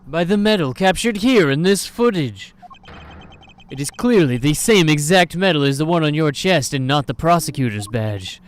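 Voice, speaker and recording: A man voicing a composed, formal male prosecutor in an improvised game dub, with a deliberate courtroom delivery. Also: a little high, animated, background noise, close to an everyday voice. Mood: probing.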